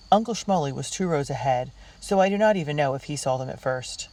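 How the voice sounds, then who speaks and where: A man's voice: on the high side, animated, a little fast, darkish tone, poor audio. Earnest reader narrating a girl's diary. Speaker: audiobook reader.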